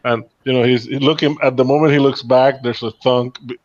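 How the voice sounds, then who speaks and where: A man asks rule questions as he plays a tabletop game over a video call. He often restarts his sentences quickly. The audio sounds dull and lo-fi. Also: medium pitch, steady tone. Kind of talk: casual game chat.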